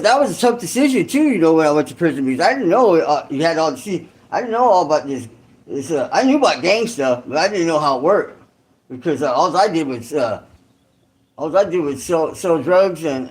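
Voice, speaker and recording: A man's voice: on the high side, animated, brisk. A man from California who hosts his channel, telling a story in a rambling, slangy monologue full of restarts and asides. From Santa Clara, California. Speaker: online creator host.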